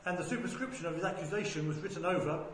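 High-voiced man reading scripture in echoing room. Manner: measured, deliberate reading that rises for quoted speech. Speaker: scripture reader. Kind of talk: bible reading aloud. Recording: very echoey room with faint background noise.

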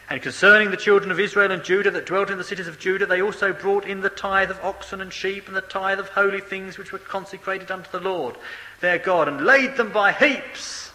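A man's voice: sits high, steady tone, a little fast, sharp tone. A man preaching a sermon in a hall, emphatic and repeating key phrases for effect. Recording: echoey hall with long reverb.

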